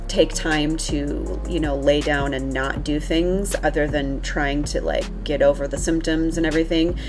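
A young woman hosting a casual spiritual podcast, chatty and upbeat, her voice a little congested from a cold. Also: deep voice. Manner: chatty, upbeat, lots of fillers and giggles. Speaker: podcast host.

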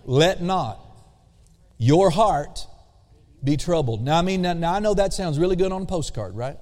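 A man's voice: fairly high pitch, animated, a little mellow. A man preaching a sermon as pastor, drawing out key words and calling for responses. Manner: slow, drawn-out emphasis with call-and-response. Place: church sanctuary. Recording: long church reverb.

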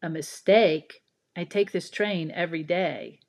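A woman voicing an impatient male commuter in a slow, clearly spoken English lesson dialogue, loud and indignant. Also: lowish voice. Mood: annoyed. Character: impatient male commuter waiting for a late train.

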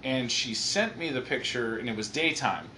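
A man's voice: mid-range voice, expressive, normal speed, bright, forceful tone, reverberant, slight background noise. A man co-hosting a casual comedy podcast, telling rambling, self-deprecating stories. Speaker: podcast co-host.

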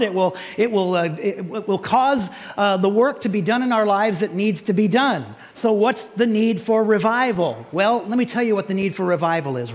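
A man's voice: high voice, in a large hall. A male pastor giving a sermon in a church, joking in a conversational way and playfully imitating animal sounds. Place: church sanctuary.

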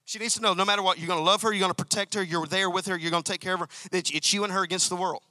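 A man's voice: sits high, fairly even intonation, rapid-fire, bright, forceful tone, no room sound. A male pastor preaching a sermon, emphatic and repetitive, calling out to members of his congregation. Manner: emphatic, repeats key phrases, calls out to congregation.

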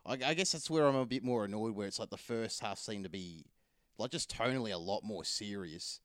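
A man's voice: lowish voice, fairly quick, clear, resonant tone, no room sound, clean studio sound. A man chatting casually about films, rambling with lots of fillers and restarts. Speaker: film reviewer. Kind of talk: casual film review chat.

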